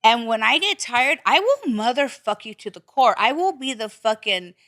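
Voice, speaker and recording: A woman's voice: a little high, normal speed, no echo, studio quality. A woman podcast host in casual chat, telling stories bluntly with plenty of swearing. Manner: blunt, profane, animated storytelling.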